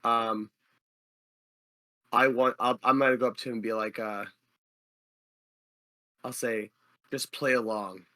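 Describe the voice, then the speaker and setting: Chatty male tabletop player, bright tone. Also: medium pitch, flat delivery, a little slow, pauses often, no echo. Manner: chatty, hesitant restarts. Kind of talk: casual tabletop play.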